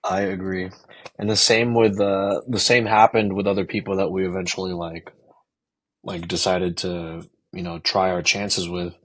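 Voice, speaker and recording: A man's voice: low voice, little pitch movement, normal speed, fairly bright tone, no echo. A man in his twenties co-hosting a podcast, joking and mocking himself in loose, slangy, profane talk. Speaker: podcast co-host. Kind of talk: casual chat.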